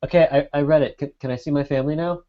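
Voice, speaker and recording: Fast-talking man reading a script. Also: on the high side, fairly even intonation, muffled recording. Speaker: podcast co-host. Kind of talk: reading a script aloud in a comedy bit.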